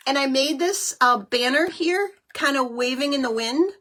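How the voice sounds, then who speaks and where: A chatty, excitable middle-aged woman hosting a live card-making stream, with lots of fillers. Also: high voice, moderate pace, few pauses. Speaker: host of a live crafting show.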